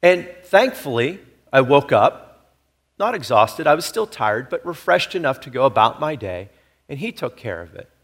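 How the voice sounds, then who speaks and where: A man's voice: mid-range voice, big pitch swings, normal speed. A middle-aged man preaching a sermon as pastor, telling a personal story in an earnest, conversational way with frequent asides to the listeners.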